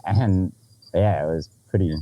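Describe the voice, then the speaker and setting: A young Australian man hosting a podcast, telling a story in a lively, sweary, laughing way. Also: sits low, a little slow, dull audio, a little hiss or hum. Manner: animated, swears freely, laughs often. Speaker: podcast host. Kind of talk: casual storytelling chat.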